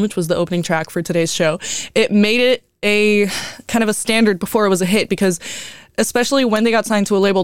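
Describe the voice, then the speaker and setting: Young female radio host, casual rambling monologue, frequent laughs, smooth clear voice. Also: lowish voice, dry recording, studio quality. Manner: chatty, rambling, swears freely, laughs often.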